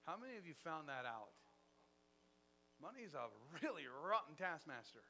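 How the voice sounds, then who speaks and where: A man preaches a sermon in a slightly high voice, acting out a story with lively swings from quiet asides to loud bursts. A faint hum sits under the recording. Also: normal speed. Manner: animated storyteller, acting out dialogue with big swings in loudness.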